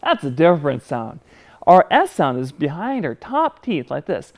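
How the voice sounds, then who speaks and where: A man teaching children how to say their sounds, with a lively voice that rises and falls widely. He talks straight to the boys and girls at home with patient, animated encouragement. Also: a little high, normal speed. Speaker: children's speech teacher and show host. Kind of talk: children's educational show.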